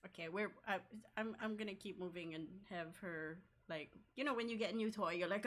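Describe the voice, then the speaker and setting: A woman's voice: medium pitch, brisk, a bit bright, slight background noise. A woman in casual chat as a player in a tabletop game, chatty and correcting herself as she goes.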